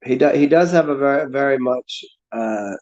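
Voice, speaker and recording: A man chatting casually to his viewers, halting and repeating words, often restarting his sentences and swearing now and then. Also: medium pitch, a little mellow. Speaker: streamer answering chat. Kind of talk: casual rambling chat. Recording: dull lo-fi sound.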